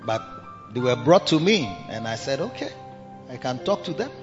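A man's voice: medium pitch, very animated, normal speed, in a large hall, dull audio, music in the background. A man preaching a sermon as a pastor, dramatic and acting out the voices of others. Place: large church hall.

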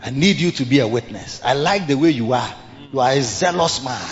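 A preacher voicing Jesus, speaking lower and softly, gently reassuring. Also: male voice, animated, fairly quick, lo-fi sound, faint music behind, natural voice. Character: calm, fond divine man speaking gently.

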